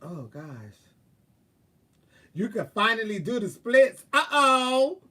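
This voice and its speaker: High-pitched and sing-song, with a fairly bright, breathy tone, this man speaks slowly and is recorded from a distance. As a livestream host he tells viewers sassy, profane stories, breaking into laughter and offering candid advice in a casual chat.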